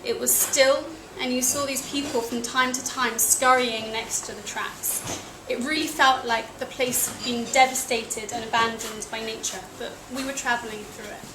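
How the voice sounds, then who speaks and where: A woman's voice: fairly high pitch, steady tone, moderate pace, hardly any pauses. A young British woman from England telling a wry, self-deprecating personal travel story to a live audience. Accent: British English. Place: cafe event room. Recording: echoey cafe with noisy ambience.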